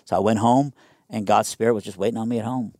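A young man telling a personal story in a casual interview, animated and conversational with lots of fillers. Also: lowish voice, fast talker, no room sound, studio quality.

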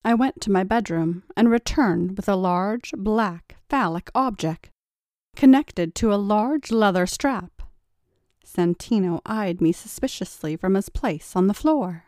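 A woman's voice: mid-range voice, a little slow, darkish tone, no echo, clean studio sound. A woman reading a first-person story aloud, in a teasing, taunting voice. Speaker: story narrator.

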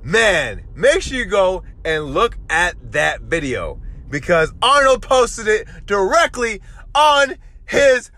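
A man with a very high, bright voice rants excitedly as the host of his own podcast. His pitch swings widely as he tells the story, and he swears freely. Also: slow pace. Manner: profane, excitable, animated storytelling. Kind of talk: excited solo podcast rant.

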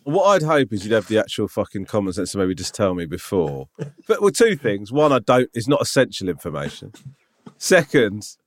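A man's voice: on the low side, big pitch swings, moderate pace, no echo, studio quality. A man in his forties chatting casually as a podcast co-host, self-mocking and swearing often. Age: 40s. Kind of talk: casual chat.

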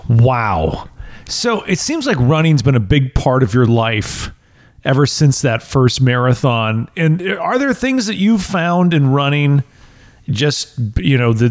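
A man hosting a podcast, asking questions in a playful, teasing way. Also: mid-range voice. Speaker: podcast host. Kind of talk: casual interview.

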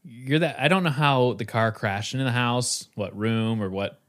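A man's voice: mid-range voice, normal speed, a bit bright. Man, mid-range voice, podcast co-host, casual chat, joking, acts out scenes, laughs a lot.

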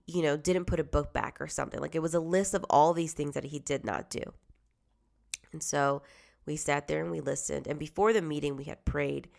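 A low-pitched woman with a gravelly edge to her voice, recounting a personal story about her son. She talks conversationally, often dropping to a hushed tone and growing animated when she is indignant. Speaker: mother telling her story.

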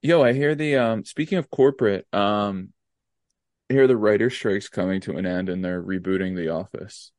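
A young podcast co-host with a fairly low, darkish voice chats casually at a normal speed, rambling and relaxed with plenty of fillers. The recording is dry and clean, with a studio sound.

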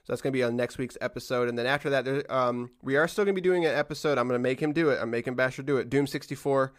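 A man hosting a casual podcast chat at a mid-range pitch. He rambles along, restarting sentences and letting his asides trail off into a low mumble. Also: rapid-fire. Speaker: podcast host.

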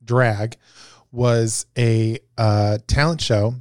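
A man's voice: mid-range voice, steady tone, drawn-out words, a little mellow, clear, resonant tone, no echo, clean studio sound. A man as a guest in a casual chat, telling earnest, self-deprecating stories. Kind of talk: casual storytelling.

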